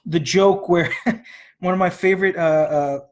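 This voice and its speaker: A man's voice: sits high, unhurried. A man co-hosting a movie review show, rambling casually and laughing between thoughts. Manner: rambling, laughs often, many fillers. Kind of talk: casual chat.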